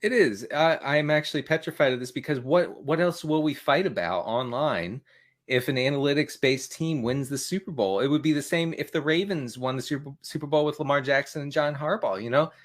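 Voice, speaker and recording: A man's voice: on the high side, brisk. A man co-hosting a casual football chat, delivering his lines with mock drama and laughing along. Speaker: fantasy football analyst co-host.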